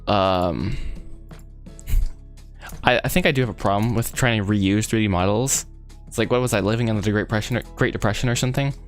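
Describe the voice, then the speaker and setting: A man's voice: fairly low pitch, brisk, long pauses, faint music behind. Rambling young man chatting while working. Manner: rambling, laughs often, lots of fillers. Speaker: 3D artist streaming his work. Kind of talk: casual live chat while working.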